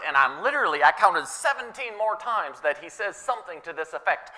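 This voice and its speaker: A man preaching a sermon as pastor, conversational and animated, paraphrasing scripture and repeating key words for emphasis. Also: a little high, brisk, hardly any pauses, long reverb tail. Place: church sanctuary.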